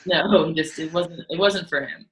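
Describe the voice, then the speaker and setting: A woman musician chatting as an interview guest, telling stories in an animated way with frequent "like"s and restarts. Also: low-pitched, normal speed, slight background noise, low-quality recording. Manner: animated storytelling, lots of "like" and restarts. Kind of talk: casual interview chat.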